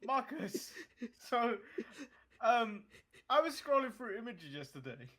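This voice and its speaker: Very bright, high, playful man. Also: very animated, takes it slowly. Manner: teasing, playful, laughing. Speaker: podcast host. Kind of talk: casual wrestling chat.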